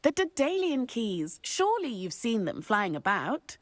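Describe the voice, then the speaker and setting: A woman's voice: a little high, big pitch swings, a little slow, dry recording. An eager schoolgirl. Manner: chatty and eager, sharing rumours. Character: cheerful young female student at a magic school. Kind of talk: video game dialogue.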